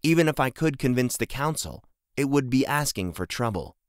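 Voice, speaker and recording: A man voicing a concerned middle-aged farmer speaking calmly to his daughter. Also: medium pitch, normal speed, smooth, no room sound, clean studio sound, pitched above the performer's own voice, natural voice. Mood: gentle. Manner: calm, fatherly.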